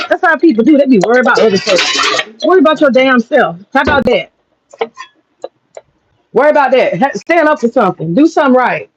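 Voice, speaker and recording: A high-pitched woman rants to her livestream chat in a blunt, profane, laughing way. Her voice comes through a dull, lo-fi recording with a faint hiss underneath. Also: lively intonation, brisk, long pauses. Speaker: streamer. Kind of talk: casual livestream rant to chat. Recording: dull lo-fi sound with faint noise.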